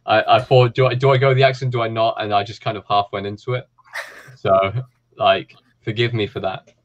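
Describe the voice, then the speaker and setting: A man hosting a film quiz, reading questions and answers with relaxed, chatty asides. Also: fairly low pitch, fairly quick, highs cut off. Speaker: quiz host.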